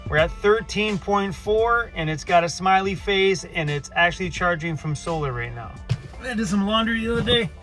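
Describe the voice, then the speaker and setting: A man's voice: high voice, normal speed, faint music behind. A Canadian man chatting casually and energetically in a vlog, joking as he goes. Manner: upbeat, jokey, energetic. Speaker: vlogger.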